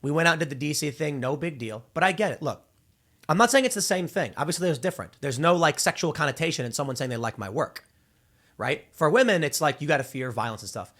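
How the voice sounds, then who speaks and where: Male host, 30s, animated and expressive pitch, rambling solo commentary with frequent restarts. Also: quick pace. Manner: rambling, repeats words when restarting; acts out quoted people in exaggerated voices. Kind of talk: casual opinion commentary.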